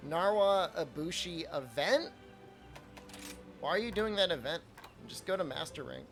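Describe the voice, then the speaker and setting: A man's voice: fairly high pitch, expressive, unhurried, fairly bright tone, soft background music. A man streaming a video game, chatting casually with his chat, answering questions and laughing often.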